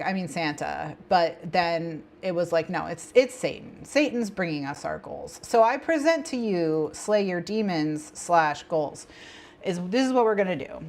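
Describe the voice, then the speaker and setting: Slow-talking chatty woman streamer. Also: lowish voice. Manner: rambling, chatty, with bursts of excitement. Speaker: livestream host. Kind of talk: casual co-working stream chat.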